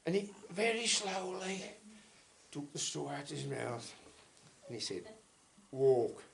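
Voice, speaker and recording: A man's voice: on the high side, expressive, unhurried, gravelly, a bit bright. A man with a Black Country accent telling a rambling, self-deprecating story at a folk club, full of asides.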